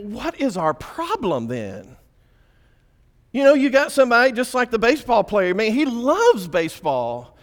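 A man preaching a sermon, swinging between hushed and emphatic delivery. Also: high-pitched. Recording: echoey church hall.

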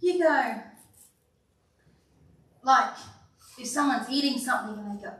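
Slow-preaching woman pastor, animated, heard from afar in a very echoey hall. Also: a little high, distant mic. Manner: animated, acts out quotes with sighs and laughs. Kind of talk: sermon. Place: church sanctuary.

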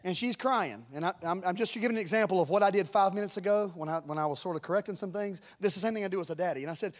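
A middle-aged male pastor preaching a sermon, telling a family story with chuckles and animated delivery. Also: high-pitched, racing, hardly any pauses.

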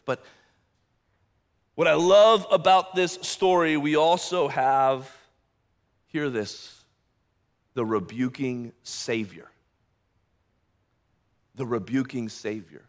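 A man's voice: medium pitch, slow pace, long pauses. A male pastor preaching a sermon, emphatic and passionate, often repeating words as he builds momentum.

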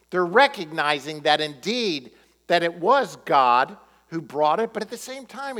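A man preaching a sermon, in a relaxed conversational way with plenty of fillers. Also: fairly high pitch, long reverb tail. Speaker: pastor.

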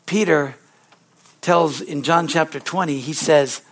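A middle-aged man preaching a sermon as pastor, rising to loud bursts and calling out "Amen?" to the congregation, also speaking to children. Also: fairly high pitch, fairly even intonation, normal speed.

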